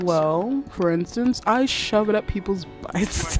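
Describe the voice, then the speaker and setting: A woman commenting casually on a life-simulation game, chatty and excitable, often laughing and doing quick voices. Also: mid-range voice. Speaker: gaming vlogger. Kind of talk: casual let's-play commentary. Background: background music.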